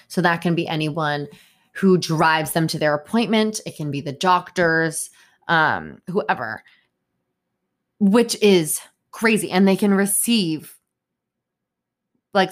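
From her Boston home, a young podcast host records a solo episode, rambling freely with plenty of "um" and "like". Her low voice stays unhurried, yet she sounds upset and indignant the whole way through.

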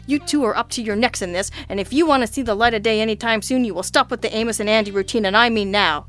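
A woman's voice: medium pitch, lively intonation, brisk, fairly bright tone, soft background music, close to an everyday voice. A woman voicing a blustering police lieutenant. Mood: bellowing. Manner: bellowing, testy, exasperated. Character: gruff blustering male homicide lieutenant. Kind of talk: audiobook character voice.

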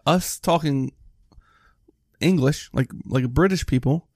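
A man's voice: on the high side, takes it slowly, a little mellow, no room sound, clean studio sound. A man in a casual chat about a movie, wryly questioning small details. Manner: questioning, wry, picks at details. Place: indoor room near a heater.

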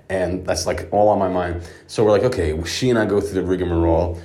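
A man's voice: low voice, steady tone, fairly quick, hardly any pauses, a little mellow. A man telling a profane comic story in an exasperated, ranting way, with heavy swearing. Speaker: comedic storyteller.

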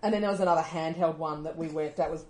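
An Australian woman co-hosting a podcast, telling stories in a casual, animated way and often laughing as she talks. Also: low-pitched, fast. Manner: animated storytelling, often laughing mid-sentence. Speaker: podcast co-host.

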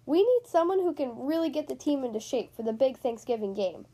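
A woman doing excited, high-voiced schoolkids. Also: fairly quick, husky. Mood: eager.

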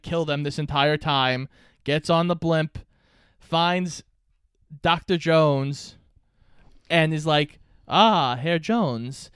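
A man co-hosting a podcast, casually recapping a movie's plot and tossing in quick quoted lines. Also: on the high side, clear, resonant tone, no echo, studio quality. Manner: recaps plot, quoting lines in offhand voices. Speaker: podcast co-host.

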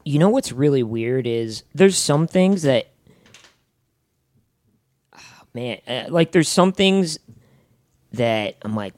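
A man in casual chat, excitable and rambling, swearing freely. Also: medium pitch, slow, pauses often, no echo, clean studio sound.

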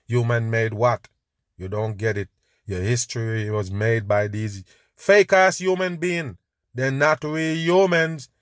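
A man's voice: on the low side, unhurried, no room sound. Scornful man ranting, dry close mic. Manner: scornful, preachy, repeats "people". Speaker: podcast host reacting to clips. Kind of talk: ranting commentary over video.

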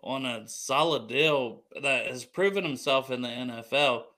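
Man with a very bright, sharp voice. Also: medium pitch, unhurried. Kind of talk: casual sports chat.

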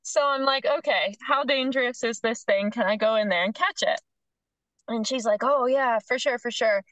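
A middle-aged woman, a horse trainer on a podcast, telling a story in a lively way and acting out what people said. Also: fairly high pitch, moderate pace, no room sound, rough recording. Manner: animated storyteller, acts out the other people's lines, laughs between phrases. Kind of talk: casual storytelling chat.

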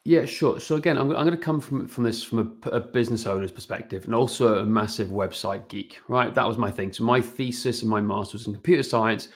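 A man's voice: medium pitch, fairly quick, hardly any pauses, breathy edge. A man in his forties, a guest on a podcast, explaining website matters casually and animatedly, often checking in with "right?". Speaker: guest, fitness business and website consultant.

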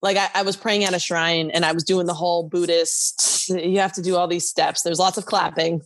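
A woman's voice: fairly low pitch, moderate pace. A young woman hosting a podcast, chatting casually and acting out the people in her stories. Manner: animated storyteller, quotes people in lively voices. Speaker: podcast host. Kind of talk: casual chat.

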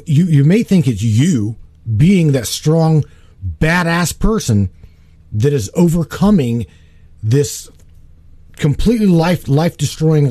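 A man talks in a loose, storytelling way, restarting and repeating words as he gets worked up, and throws himself into the quoted lines. His voice is dark and mellow, and the recording is dry and close, with no room sound. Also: on the high side, no echo. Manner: animated, repeats words, acts out quoted dialogue. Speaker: guest telling of spiritual work. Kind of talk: casual storytelling chat.

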